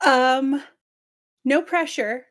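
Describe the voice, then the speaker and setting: A woman playing in character in a tabletop game, hesitant and halting, with lots of fillers. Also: high voice, fairly bright tone. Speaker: player. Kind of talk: tabletop role-play in character.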